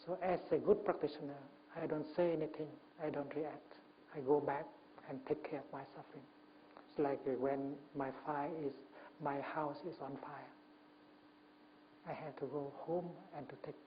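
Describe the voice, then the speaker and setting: A man, a Buddhist monk, giving a Dharma talk at a retreat, speaking gently in short phrases with many pauses and fillers. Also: a little high, flat delivery. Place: retreat talk before an audience. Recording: muffled lo-fi recording with faint hum.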